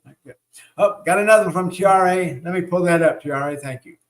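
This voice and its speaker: A middle-aged man from the Southern United States hosts a live-stream teaching as a spiritual teacher and show host. His voice sits high and fast with a fairly bright tone, and he talks in a folksy, rambling way full of fillers.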